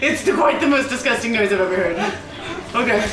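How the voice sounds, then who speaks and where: A young woman playing a video game with friends, excitable, laughing and shrieking often. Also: on the high side, brisk, music in the background. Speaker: let's play gamer. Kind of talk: casual gaming chat. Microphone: headphones, room mic. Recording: echoey room, far from the mic.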